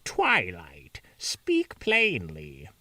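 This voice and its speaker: A man's voice: low voice, wildly swooping pitch, very slow, bright, forceful tone, no echo, full character voice. A man voicing a stern, regal female princess pony in a haughty, imperious way, heard a little distant from the mic.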